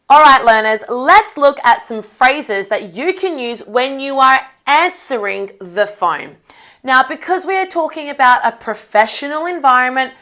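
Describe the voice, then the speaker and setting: A woman teaching an online English lesson, speaking slowly and clearly with a lively, teacherly delivery. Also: fairly high pitch.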